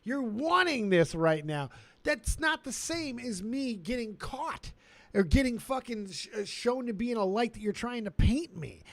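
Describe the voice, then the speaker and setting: A man hosting a casual streamed chat, going off on rambling comic rants that swing from low mutters to shouting. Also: animated, unhurried. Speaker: streamer host.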